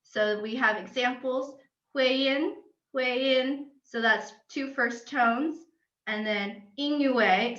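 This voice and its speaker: Young woman author, bright voice in an echoey room. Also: a little high. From United States. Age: young adult. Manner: chatty, explanatory, laughs often. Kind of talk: book talk with slides. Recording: roomy and dull lo-fi.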